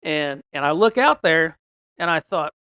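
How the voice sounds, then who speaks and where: A man's voice: fairly high pitch, expressive, a little slow, clear, resonant tone, no room sound, phone-quality sound. Folksy rambling man, dry close sound. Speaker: podcast guest telling a story. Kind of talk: casual storytelling.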